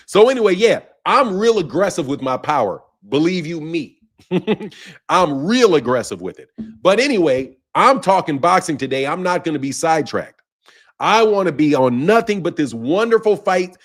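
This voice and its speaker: Animated, high-voiced man chatting on a live stream. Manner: animated and rambling, laughs often, swears freely. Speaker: boxing channel host reading live chat. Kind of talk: casual live-stream chat.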